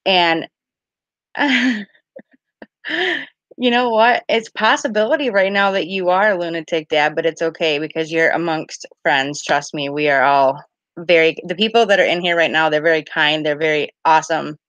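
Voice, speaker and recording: A woman's voice: low-pitched, a little fast, a bit bright, dry recording, dull audio. A woman in her thirties chatting casually on a live stream, rambling and peppering her talk with "like" and "I was like", greeting viewers by name. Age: 30s. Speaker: live-stream card reader. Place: home at night.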